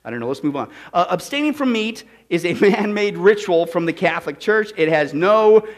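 Male preacher, high and very lively voice; sarcastic Bible teaching, jumps into asides, fires rhetorical questions. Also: normal speed. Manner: digressive with restarts and asides. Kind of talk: sermon-style Bible teaching.

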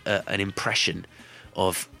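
Bright-voiced joking English man. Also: sits low, fairly even intonation, a little slow, gravelly, faint music behind. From Birmingham, England. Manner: jokey, builds absurd lists with laughter. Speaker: podcast co-host. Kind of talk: casual comedy podcast banter.

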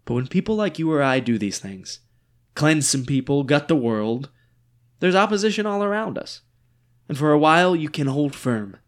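A man's voice: fairly high pitch, expressive, moderate pace, natural voice. Man playing a melodramatic ghostly dictator. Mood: brooding. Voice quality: theatrical, swinging between whimpers and outbursts. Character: ghostly male dictator with a bullet wound, needy and melodramatic. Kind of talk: script reading of a stage play.

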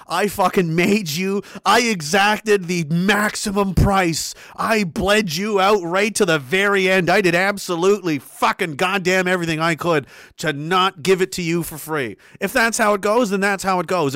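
A man, streaming a profane, forceful rant and repeating himself as he builds his point. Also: high voice, dry recording, clean studio sound. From Canada. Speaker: livestreamer. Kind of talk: heated monologue rant on stream.

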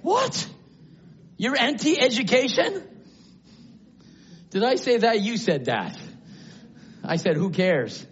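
A male preacher delivering a sermon in a church, swinging from low musing to shouted exclamations. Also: very animated, slow, pauses often, slight background noise. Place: church sanctuary. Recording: dull lo-fi sermon recording.

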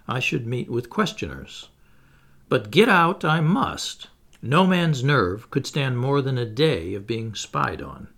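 A man reading a classic novel aloud as scripted audiobook narration, in an expressive storytelling manner. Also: gravelly. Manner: lively, expressive reading with animated pitch. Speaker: audiobook reader.

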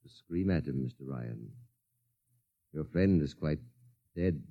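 An actor playing a scheming Martian invader who mocks his captive in a smooth, unhurried way, in an old radio drama. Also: rumbling low, animated, lo-fi sound, heavily acted. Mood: menacing. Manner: smooth, mocking, unhurried menace. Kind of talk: 1950s radio drama acting.

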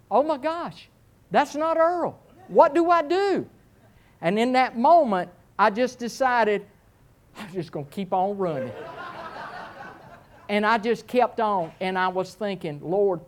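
Male pastor, sermon, lively self-mocking storyteller with big pitch swings.

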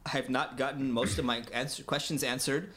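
Animated storytelling man. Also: medium pitch, brisk. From United States. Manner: animated, laughs often, acts out dialogue. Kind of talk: casual storytelling.

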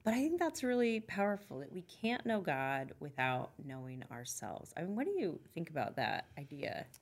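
A woman's voice: deep voice, big pitch swings, moderate pace, gravelly. A woman co-hosting a podcast who chats casually, backing up her partner and bringing in her own thoughts. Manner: affirming, chatty listener. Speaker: podcast co-host. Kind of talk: casual faith chat.

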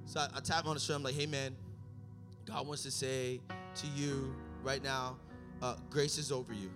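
A young man preaching a sermon, telling stories and building up to shouted climaxes. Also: medium pitch, steady tone, normal speed, over music.

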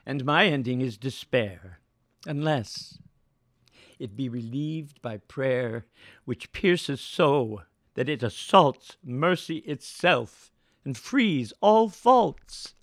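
An aging sorcerer pleads for his freedom in a slow, swelling, declamatory voice, as a man recites him on stage. The tone is gravelly, and the verse rolls out in grand theatrical measures. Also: medium pitch, animated, no echo, clean studio sound. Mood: solemn pleading. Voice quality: slow, loud, declamatory delivery. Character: aging male sorcerer begging release.

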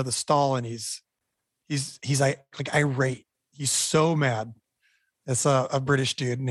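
A man's voice: fairly high pitch, fairly bright tone, no room sound. A man in an interview, bluntly telling a wild story and swearing freely. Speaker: band member guest.

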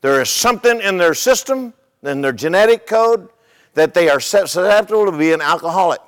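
Older male pastor, high voice, loose conversational sermon delivery with stories. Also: lively intonation, brisk, fairly bright tone, big-room sound. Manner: conversational, repeats words, tells humorous stories.

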